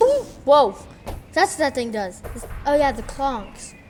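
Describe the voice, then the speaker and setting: A woman hosting a let's play, commenting excitedly on her game, squealing and mocking herself. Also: high-pitched, unhurried, faint music behind. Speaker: gaming channel host.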